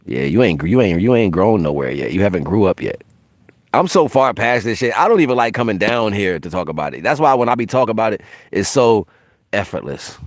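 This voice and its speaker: A man's voice: lowish voice, very animated, fairly quick, no room sound, clean studio sound. A man hosting a spiritual livestream in a brash, profane, casual way, laughing often.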